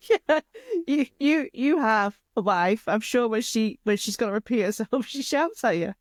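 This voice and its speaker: A woman's voice: on the high side, lively intonation, a little slow, dry recording, studio quality. A woman co-hosting a casual podcast, laughing often and explaining things in an informal way. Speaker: podcast co-host.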